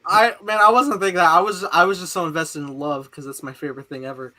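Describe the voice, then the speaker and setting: Young male podcast host, bright voice, excitable and laughing, swears freely. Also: a little high, fast. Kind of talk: casual chat.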